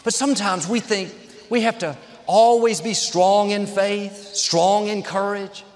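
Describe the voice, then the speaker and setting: High-voiced man preaching in a hall. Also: steady tone, measured pace. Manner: emphatic preaching cadence, short repeated phrases building up. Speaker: pastor. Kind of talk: sermon.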